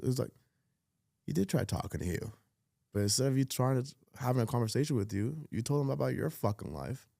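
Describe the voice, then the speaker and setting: A man's voice: medium pitch, gravelly, dark tone, dry recording, studio quality. A man talking bluntly and emphatically as a guest in a casual podcast conversation, swearing freely.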